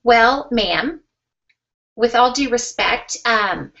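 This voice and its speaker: A woman telling a personal anecdote in a lively, animated way, acting out what people said. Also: fairly high pitch, very slow, creaky. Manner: lively, animated retelling with acted-out quotes. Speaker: speaker sharing a personal story. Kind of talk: storytelling anecdote. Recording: dull, slightly distant sound.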